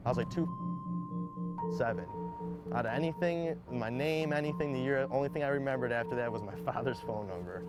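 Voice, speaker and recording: A young man's mid-range voice, moving a little fast, recounts his personal story openly over loud background music in a played clip. He wanders through it, saying "like" constantly and performing the quotes.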